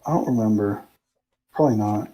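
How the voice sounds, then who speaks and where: A man's voice: lowish voice, fairly quick, warm tone. A man playing a tabletop game, talking in a casual, blunt way with fillers. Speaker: player.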